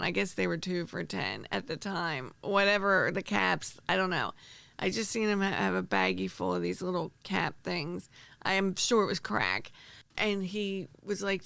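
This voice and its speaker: A woman, hosting a true crime podcast and telling stories in an animated, rambling way with many restarts. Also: medium pitch, a little slow, vocal fry, no echo. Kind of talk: casual storytelling.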